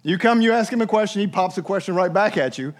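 A man delivers a sermon with lively energy. His voice sits high for a man, and he slips into little acted voices for the people he quotes. He keeps turning to his listeners with questions. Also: fast. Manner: animated preacher, acts out quoted voices, asks the listeners questions. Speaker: pastor.

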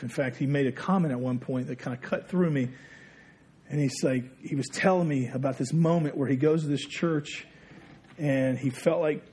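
A man's voice: mid-range voice, a little mellow, slightly rough. A man preaching a sermon, telling a story in a conversational way and dropping his voice when he quotes others. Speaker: pastor.

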